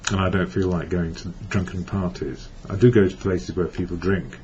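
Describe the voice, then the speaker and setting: A man's voice: deep voice, moderate pace, a little mellow. A man from England giving a reflective personal monologue about recovery, rambling and correcting himself as he goes. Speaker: recovery blogger. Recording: dull lo-fi with faint hiss.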